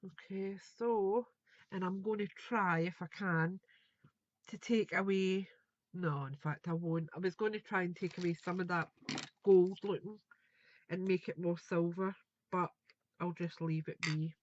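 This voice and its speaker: A woman's voice: on the low side, steady tone, unhurried, no echo, lo-fi sound. A woman, chatting and thinking aloud as she demonstrates a craft project live. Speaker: craft tutor.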